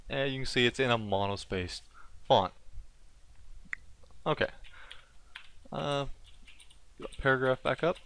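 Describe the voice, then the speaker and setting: A man's voice: mid-range voice, fairly bright tone. Casual man talking through code. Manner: casual, halting, many fillers and self-corrections. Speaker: tutorial instructor. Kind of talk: unscripted screen-recorded coding tutorial.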